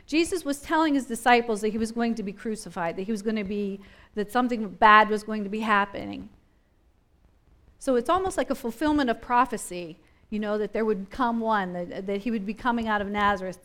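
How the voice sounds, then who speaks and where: High-voiced woman teaching Scripture. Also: moderate pace. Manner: animated, acts out scenes and voices from the story; thinks aloud with restarts and questions. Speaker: Bible study teacher. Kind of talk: conversational Bible teaching.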